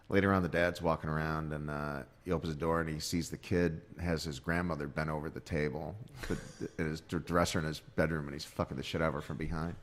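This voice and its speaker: A man's voice: a bass voice, fairly even intonation, quick pace. A man guest comedian in a casual podcast chat, telling crude jokes in a loose, chuckling way.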